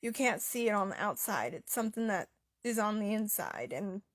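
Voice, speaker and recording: A woman's voice: medium pitch, very animated, normal speed, no echo, studio quality. Earnest woman, many hesitant ums. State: getting emotional. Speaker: author. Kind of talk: heartfelt personal talk.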